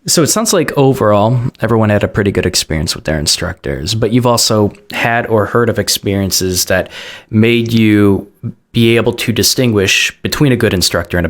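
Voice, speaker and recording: A man hosting a video call interview, talking casually with fillers, on a headset. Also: fairly low pitch. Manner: conversational, frequent fillers. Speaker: host.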